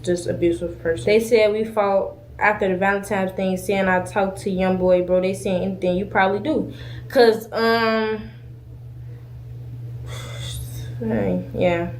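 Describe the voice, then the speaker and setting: A young woman tears through a heated rant at speed, swearing freely and acting out both sides of an argument. Her voice has a middle pitch. The sound is roomy and echoey, with a faint hiss underneath. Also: steady tone, a little fast. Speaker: streamer telling a story in a clip. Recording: echoey room with faint noise.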